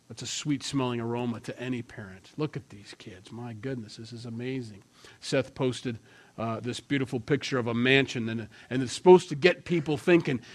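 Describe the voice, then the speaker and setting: A man's voice: mid-range voice, a little mellow. Conversational man preaching a sermon. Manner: conversational, storytelling with family anecdotes. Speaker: pastor.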